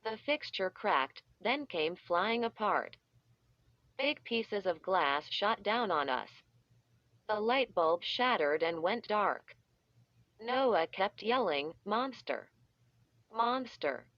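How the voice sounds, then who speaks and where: Slow, deliberate woman reading a story aloud. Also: medium pitch, expressive, dry recording. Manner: deliberate, acting out sound effects. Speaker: audiobook reader. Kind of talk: scripted storybook narration. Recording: dull, slightly muffled audio.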